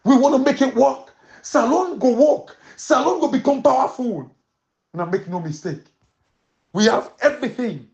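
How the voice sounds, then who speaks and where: A woman's voice: high voice, lively intonation, moderate pace, vocal fry, a little mellow, dull audio. A woman from Sierra Leone with a Krio accent, giving emphatic political commentary full of rhetorical questions and switching between Krio and English.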